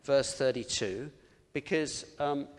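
Speaking slowly in a mid-range voice, this man delivers a conversational, self-deprecating sermon full of rhetorical questions for the congregation. His words ring with the long reverb of a big hall.

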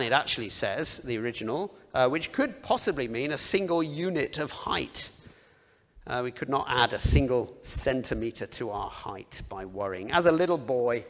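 A man's voice: mid-range voice, fairly bright tone. A man preaching a sermon in a conversational, self-deprecating way, often asking the listeners rhetorical questions. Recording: long reverb of a large hall.

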